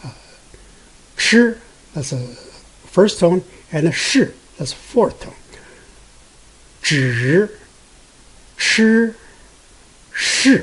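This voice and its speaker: A man whose first language is Mandarin Chinese, teaching Mandarin pronunciation patiently, repeating each sound many times with frequent pauses. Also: sits high, expressive, husky, rough recording. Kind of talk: pronunciation lesson.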